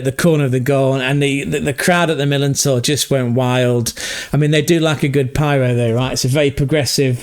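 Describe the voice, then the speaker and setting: A man casually recapping a football match as a podcast host, chatty and self-correcting, laughing as he stumbles over foreign player names. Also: mid-range voice.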